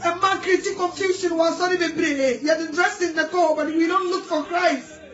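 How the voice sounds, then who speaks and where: A woman's voice: very high-pitched, fairly even intonation, moderate pace, fairly bright tone, echoey room, muffled recording, faint music behind. A woman with a Ghanaian accent preaching a pleading sermon. She cries as she speaks and switches between English and Twi. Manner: crying while pleading, mixes English and Twi. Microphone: phone video.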